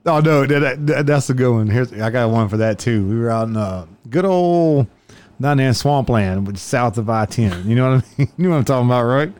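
A man's voice: mid-range voice, brisk, smooth. Profane, laughing man telling stories. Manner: profane, laughing often, animated when quoting. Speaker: law enforcement officer telling stories. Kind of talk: casual storytelling chat.

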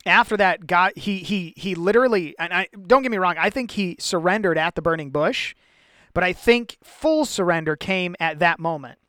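A man's voice: sits high, moderate pace, fairly bright tone, clear, resonant tone, no room sound, clean studio sound. A man in a casual bible study chat, thinking aloud with lots of restarts and repeated words.

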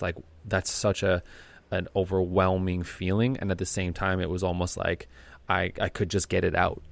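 Man, podcast co-host, low gravelly voice, earnest and reflective, dry close sound. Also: no echo. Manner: reflective, earnest, with frequent fillers. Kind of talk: casual podcast conversation.

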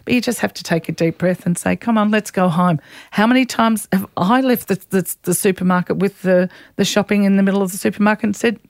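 A middle-aged woman hosting a podcast in casual chat, talking in quick bursts, restarting phrases and laughing often. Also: mid-range voice, steady tone, vocal fry, dry recording, clean studio sound. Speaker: podcast host.

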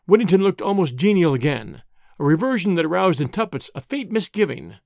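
A man narrating an audiobook with expressive storytelling. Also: high voice, brisk, creaky, no room sound, studio quality. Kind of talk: scripted narration.

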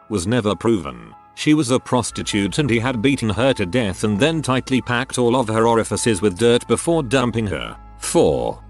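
A man narrating reader-submitted stories in a steady, measured storytelling voice. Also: lowish voice. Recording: faint music behind. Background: faint background music.

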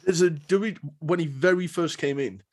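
A man chatting casually as a podcast co-host, animated and swearing, acting out what others said. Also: on the high side, moderate pace. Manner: animated storyteller, swears, acts out quotes. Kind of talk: casual wrestling chat.

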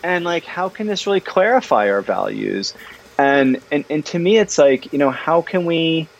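A man guesting in a casual interview conversation, talking about his books in an animated, chatty way, full of fillers and restarts. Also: a little high, normal speed, creaky, muffled recording. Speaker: guest, parenting author.

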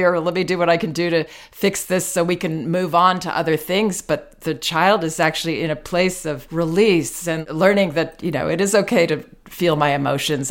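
A woman hosting a podcast, speaking in a thoughtful, reflective way and adding her own examples. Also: on the low side. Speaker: podcast host. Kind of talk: conversational podcast interview.

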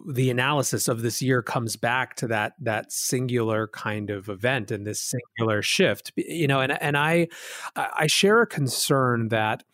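A man hosts a podcast interview and answers his guest in a thoughtful, measured way, pausing and restarting now and then. His voice sits in a middle pitch, and the recording is close and dry. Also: fairly bright tone, dry recording. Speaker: podcast host.

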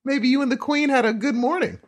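A man's voice: extremely high pitch, brisk. A man co-hosting a podcast, retelling stories animatedly and acting out exchanges in voices. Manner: animated storyteller, acts out texts in voices. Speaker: podcast co-host. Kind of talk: casual podcast banter.

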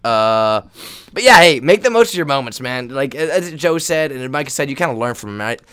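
A man's voice: medium pitch, moderate pace, clean tone. Young man telling laughing sports stories. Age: young adult. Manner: laughing, animated storytelling with quoted voices. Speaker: volleyball player and podcast co-host. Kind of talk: casual chat.

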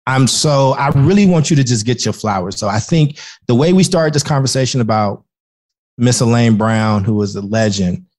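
A man speaking as a guest in a casual interview, earnest and effusive, talking in quick bursts with many restarts. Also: medium pitch, darkish tone.

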